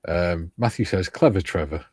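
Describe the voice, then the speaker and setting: Older man, livestream host, husky voice, dry close sound. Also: sits low, normal speed, a little mellow, no room sound. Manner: jokey, reads out chat comments. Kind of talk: casual livestream chat.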